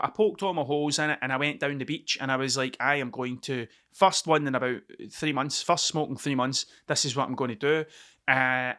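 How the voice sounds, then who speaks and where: A man's voice: sits high, bright, forceful tone. A Scottish man in his thirties hosting a podcast, telling a rambling story in a casual solo monologue, swearing heavily and repeating himself. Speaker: podcast host.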